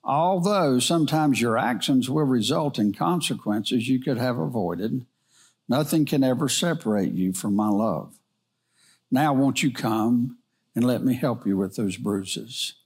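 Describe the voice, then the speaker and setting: Guy reading as a gentle loving storybook dad, warm and reassuring, normal pitch. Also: expressive, unhurried, slightly rough. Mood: tender. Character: loving, patient father speaking to his daughter.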